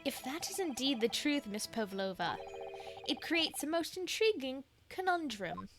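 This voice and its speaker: A woman's voice: high-pitched, very animated, measured pace, over music, exaggerated voice. A woman voicing a grand, pompous male detective, reading game dialogue aloud with theatrical flair.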